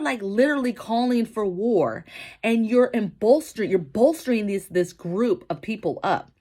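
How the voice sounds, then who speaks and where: A woman vlogging about home preparedness, talking casually and emphatically, often tagging her points with "right?". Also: mid-range voice. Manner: emphatic, keeps asking "right?". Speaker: prepping vlogger. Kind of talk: casual opinion vlog.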